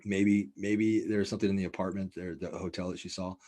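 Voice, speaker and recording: A man hosting a casual podcast, telling a wild story in a profane, rambling, animated way. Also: low voice, brisk. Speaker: podcast host.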